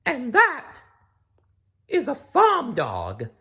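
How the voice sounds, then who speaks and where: A man doing a squeaky sing-song storybook cow. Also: huge pitch swings, extremely slow, creaky, bright, forceful tone, exaggerated voice. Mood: chatty. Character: friendly chatty female farm cow. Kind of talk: storybook reading.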